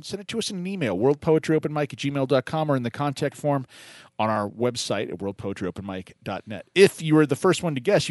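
A man hosting a radio show, chatting casually in a jokey, animated way and laughing often. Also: medium pitch, no echo, studio quality. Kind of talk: casual on-air chat.

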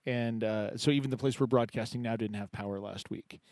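A man's voice: fairly low pitch, fairly even intonation, brisk, darkish tone, no room sound. A man hosting a call-in poetry show, chatting casually and joking with callers, laughing often. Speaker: radio poetry show host.

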